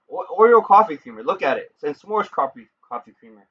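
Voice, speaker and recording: A man's voice: on the high side, expressive, fast talker, few pauses, muffled recording, a little hiss or hum. Rambling, joking male streamer. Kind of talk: casual gameplay stream chat.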